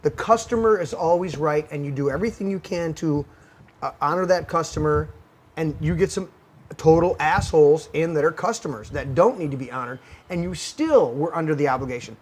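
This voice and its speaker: Man ranting heatedly, slightly high voice. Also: brisk, breathy edge. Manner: heated, profane storytelling rant. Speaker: podcast host. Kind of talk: casual ranting talk show.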